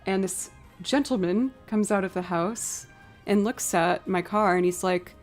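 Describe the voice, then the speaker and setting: A woman chatting with her stream viewers, telling a story in an animated way and acting out the voices of the people in it. Her pitch sits in an ordinary middle range. Faint music plays underneath her. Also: measured pace. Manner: animated storytelling, acting out both sides of a conversation. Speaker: livestream musician. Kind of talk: casual chat with live stream viewers.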